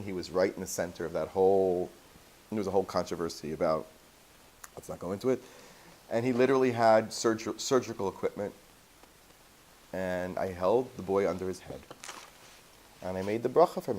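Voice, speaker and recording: In a relaxed, conversational manner, a rabbi recounts a personal story to his class in a low, mellow voice. The telling is lively and anecdotal, with Yiddish and Hebrew words dropped in.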